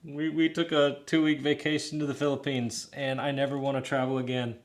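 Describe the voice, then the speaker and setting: Casual hobbyist guy in his 30s, mid-pitched, rambling chat to viewers, quick laughs. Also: flat delivery. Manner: rambling, chatty, laughs often, talks to viewers directly. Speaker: hobbyist builder talking to stream chat. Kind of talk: casual live build chat.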